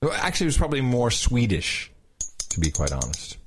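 A man co-hosting a podcast in casual chat, reading listener notes and birthday shout-outs, loose and joking and stumbling over names. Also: mid-range voice, wildly swooping pitch, brisk, slight background noise. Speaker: podcast co-host.

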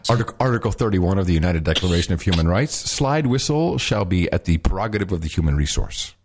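A man co-hosting a podcast, chatting casually with grumbling, animated banter. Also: low-pitched, fast talker. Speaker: podcast co-host.

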